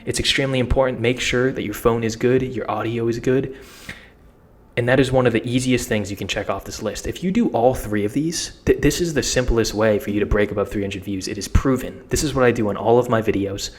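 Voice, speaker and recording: A man's voice: mid-range voice, brisk, slightly rough. Blunt, slangy young man coaching. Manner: energetic, blunt and slangy, with frequent repeats. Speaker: social media coach. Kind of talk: casual how-to talk.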